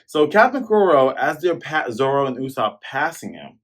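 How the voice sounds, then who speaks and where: A man recaps a comic chapter in a loose, chatty way. His pitch swings high and low as he acts out the fights with plenty of energy. He sounds like a host talking straight to his regular viewers. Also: moderate pace. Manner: animated, excitable retelling that acts out scenes. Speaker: manga review host.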